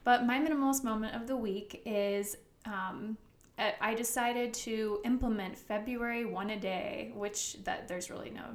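A woman co-hosting a podcast in casual chat. She talks fast and fills her pauses with ums. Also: a little high, steady tone, reverberant. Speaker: podcast co-host.

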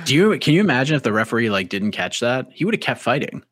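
Lively bright man joking around. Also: mid-range voice, quick pace, husky, no room sound. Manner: playful, mimics people in voices. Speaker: podcast co-host. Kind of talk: casual sports chat.

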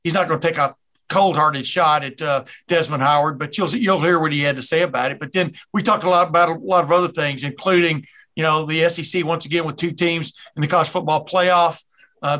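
In a casual podcast interview, the host is a middle-aged man from the American South whose fairly high voice has a sharp edge. He rambles in a chatty way and keeps interrupting himself mid-thought.

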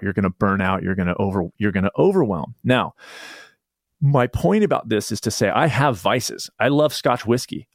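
Male podcast guest, animated storyteller, dry close sound. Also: medium pitch, dry recording. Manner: animated storyteller, rambling restarts. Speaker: guest author. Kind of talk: casual podcast conversation.

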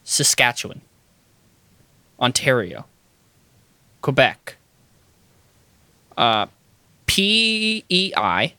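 A man's voice: mid-range voice, wildly swooping pitch, very slow, long pauses, sharp tone, smooth. A man co-hosting a podcast in casual chat, joking around and slipping into playful impressions. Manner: jokey, slips into playful Midwest impressions. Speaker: podcast co-host.

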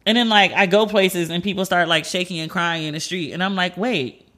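A woman's voice: fairly low pitch, brisk. A woman hosting a podcast, telling stories in casual chat with lots of fillers and acted-out quotes. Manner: animated storytelling with frequent fillers and acted-out quotes. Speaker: podcast host.

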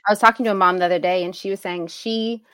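A woman's voice: lowish voice, fairly even intonation, fast, fairly bright tone, no echo, studio quality. A woman in her thirties co-hosting a casual chat, explaining her points and laughing easily. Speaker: podcast co-host.

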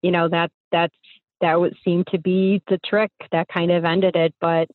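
Young woman, low-ish voice, rambling casual storyteller, tinny dry phone line. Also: little pitch movement, moderate pace, no room sound. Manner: rambling, full of fillers and restarts. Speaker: guest storyteller.

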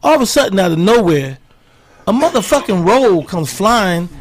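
A man's voice: high voice, normal speed, a little hiss or hum. A man, a comedian, telling profane stories in a casual chat and acting out what people said. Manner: animated, profane, acts out quotes in others' voices. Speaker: comedian guest.

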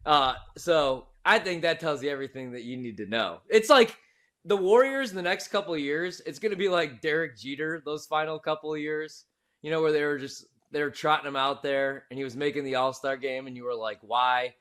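A man's voice: fairly high pitch, brisk, a bit bright. Opinionated man in casual sports chat. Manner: opinionated, emphatic, laid-back slang. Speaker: sports betting show co-host.

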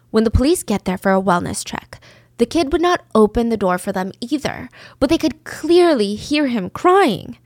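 A woman's voice: a little high, sing-song, normal speed, darkish tone, no echo, studio quality. A woman narrating a true crime story in a casual, chatty way, with conversational asides.

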